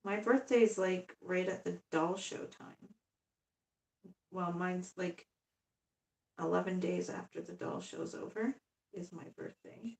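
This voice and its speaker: Brief: rambling woman in her fifties live-streaming her crafts, gravelly voice, echoey room. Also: fairly low pitch, slow, long pauses, darkish tone. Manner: rambling, chatty, laughs often. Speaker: doll artist live-streaming. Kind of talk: casual live stream chat. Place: home room. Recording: echoey room, far from the mic.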